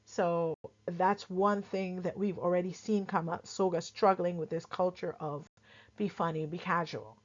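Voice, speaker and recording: Low-voiced Barbadian woman explaining casually. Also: steady tone. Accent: Barbadian, softened for clarity. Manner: chatty, explains with quick examples and asides. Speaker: culture explainer host. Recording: dull lo-fi sound.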